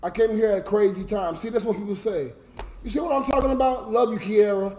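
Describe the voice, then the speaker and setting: A man's voice: high voice, steady tone, brisk, warm tone, a little hiss or hum. A drunk man livestreaming as a comedian, talking to his viewers in a raw, emotional rant. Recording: roomy echo with music behind.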